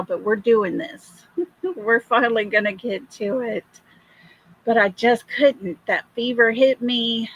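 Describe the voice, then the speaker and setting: An older woman with a drawl hosts a casual livestream while hoarse from illness. Her voice is gravelly and husky, and she speaks slowly as she greets each viewer by name. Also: a little high, low-quality recording. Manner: slow, friendly greetings to viewers. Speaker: livestream host.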